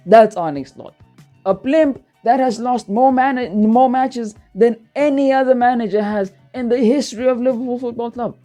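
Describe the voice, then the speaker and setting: A man's voice: high-pitched, dark tone. A man hosting a football channel, ranting heatedly and profanely, repeating himself for emphasis. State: worked up, feels hot-headed. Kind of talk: heated football rant to camera.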